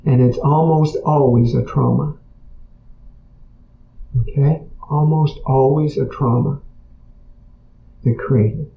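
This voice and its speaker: A man's voice: medium pitch, fairly even intonation, slow, gravelly, long pauses, slight background noise. A man speaking to an audience in a conversational storytelling way. He repeats his points and often checks in with "okay?". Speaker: speaker on emotional healing. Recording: echoey, dull room sound.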